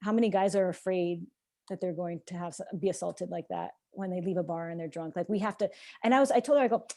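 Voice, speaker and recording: A young woman chats as a podcast guest, racing through a story at a quick clip. Her voice is warm and mellow rather than bright. She slips into the voices of the people she quotes and scatters fillers throughout. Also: lowish voice. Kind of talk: casual podcast conversation.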